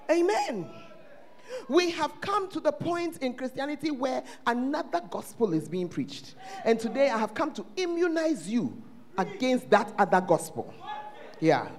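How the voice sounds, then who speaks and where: A man with a Ghanaian English accent, preaching a sermon as pastor at a church service, swinging between shouted lines and hushed asides. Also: very high-pitched, huge pitch swings, measured pace, long pauses.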